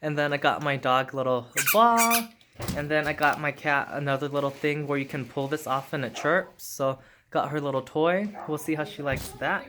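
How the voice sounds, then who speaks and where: A man's voice: a little high, moderate pace, pushed and bright, a little hiss or hum. A young man in casual vlog chat, upbeat and filling his talk with "like". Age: young adult. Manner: chatty, upbeat, many "like"s. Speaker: vlogger.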